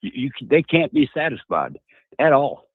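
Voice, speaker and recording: A man's voice: medium pitch, sing-song, normal speed, no room sound. Folksy man on a phone line. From Tennessee, USA. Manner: folksy and emphatic, repeats himself. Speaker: caller. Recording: dry tinny phone line.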